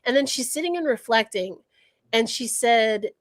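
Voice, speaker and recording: This podcast co-host speaks in a slightly high, expressive voice at a normal speed. She is co-hosting a casual livestream discussion and reflects thoughtfully, thinking out loud and restarting sentences often as ideas take shape. No room sound is audible.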